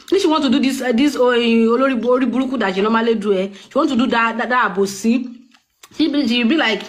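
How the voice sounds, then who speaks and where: Lively Nigerian woman, fast, slightly high, gossipy live-room talk. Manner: animated, mixes Pidgin and mimics others. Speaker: live audio room speaker. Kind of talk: casual gossip chat.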